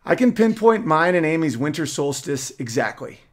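A man's voice: on the high side, sing-song, moderate pace. A man hosting his podcast, reading his memoir aloud as a story, breaking off now and then with wry side remarks. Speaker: podcast host.

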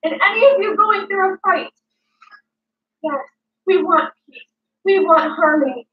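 A woman's voice: very high-pitched, a little slow, distant mic. A woman playing a dramatic female influencer, ranting emotionally at her critics with repetition and swearing. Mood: defiant. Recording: dull, echoey room, mic set back.

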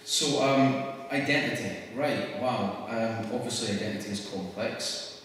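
A Scottish man gives a wry, conversational talk, his mid-pitched voice picked up from a distance. The sound is roomy, with a long reverb tail and a faint hiss underneath. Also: a bit bright. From Scotland. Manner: conversational and wry, quick laughs. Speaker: speaker at a public event. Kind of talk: public talk to an audience. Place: church hall. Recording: echoey hall recorded from far off.

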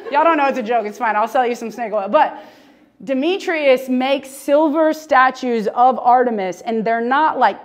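A woman teaching a humorous, chatty Bible lesson, joking and laughing often. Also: a little high.

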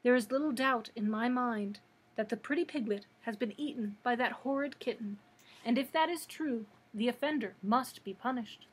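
A woman voicing a regal young fairy princess in a storybook read-aloud, gentle but firm. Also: a little high, moderate pace, slightly rough, rough recording. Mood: stern.

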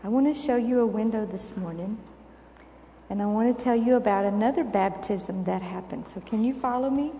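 A woman's voice: fairly high pitch, normal speed, slight background noise. Older woman in an echoey church. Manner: warm, coaxing, asks the children questions. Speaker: children's sermon leader. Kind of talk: children's sermon. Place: church sanctuary. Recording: echoey church hall recording.

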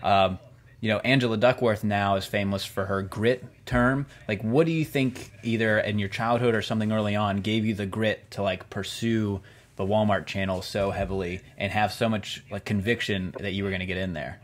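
A man with a fairly low voice runs a book club interview over a video call. His questions wander and fill up with "uh" and "like" before he reaches the point. He sounds casual and conversational. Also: fairly even intonation, moderate pace. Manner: long, meandering questions with fillers.

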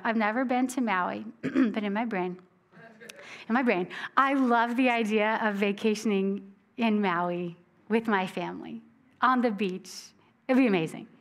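High-voiced woman preaching a lively sermon. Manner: conversational and animated, with laughter. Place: church.

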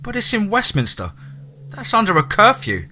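Pria memerankan wanita muda ketakutan bersuara tinggi. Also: male voice, fairly quick, pushed and bright. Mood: anxious. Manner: high, pleading, near tears. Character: frightened young woman, tearful fiancée.

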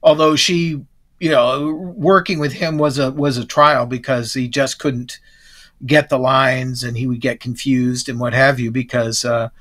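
A man's voice: mid-range voice, level tone, unhurried, fairly bright tone. A man chatting as a guest on a podcast. He rambles a little, restarting his sentences and letting them trail off. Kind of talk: casual chat.

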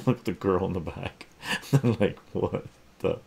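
A man's voice: deep voice, animated, normal speed, vocal fry, husky. A man reading a comic book aloud on a stream, breaking off with amused, chatty asides.

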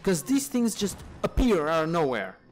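A man's voice: a little high, big pitch swings, moderate pace, soft background music. A man giving live commentary on his own gameplay, exasperated and swearing at the enemies on screen. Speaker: let's play gamer. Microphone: desk mic, camera off.

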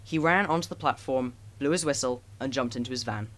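A man narrating a children's storybook as an audiobook. He reads in a gentle, even storytelling manner, with a voice of ordinary middle pitch. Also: fairly quick. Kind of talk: storybook reading.

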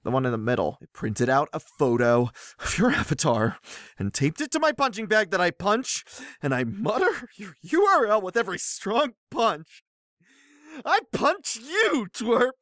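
A woman voicing a furious young man who brags about his three girlfriends, ranting, yelling and sobbing. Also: fairly low pitch, dry recording, studio quality, voice pushed down.

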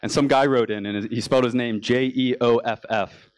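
A man's voice: mid-range voice, fairly even intonation, moderate pace, dry recording. A young American man giving a business talk on a conference stage, telling his story casually with frequent restarts. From United States. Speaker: conference speaker.

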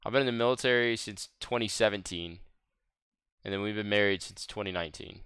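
Swearing Southern American guy, smooth low voice. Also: brisk, a bit bright, no echo, studio quality. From Southern United States. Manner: profane, rambling, laughs often. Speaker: streamer. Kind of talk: casual gaming voice chat.

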